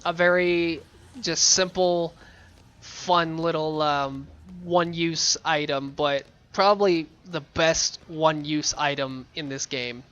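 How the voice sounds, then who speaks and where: A man's voice: a little high, fairly even intonation, takes it slowly, a bit bright, clear, resonant tone, lo-fi sound. A man giving casual, playful commentary while playing a video game, chatty and rambling. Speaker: let's play gamer.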